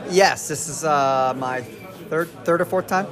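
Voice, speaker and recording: A man's voice: on the high side, unhurried, crowd noise. An older American man from Florida, a polite, easygoing bar guest who answers with a little hesitation. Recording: noisy crowded bar.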